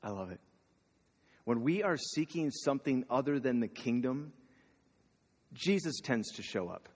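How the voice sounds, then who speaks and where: A man's voice: mid-range voice, expressive, measured pace, darkish tone. Guy preaching a sermon, chatty, asks lots of questions, sounds like a big echoey hall. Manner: conversational preaching with rhetorical questions. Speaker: pastor. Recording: long reverb of a hall.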